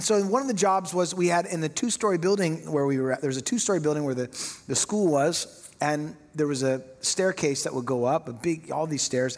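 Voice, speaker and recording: A middle-aged man preaching a sermon, telling self-mocking stories in an animated way. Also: fairly high pitch. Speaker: pastor. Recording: long hall reverb.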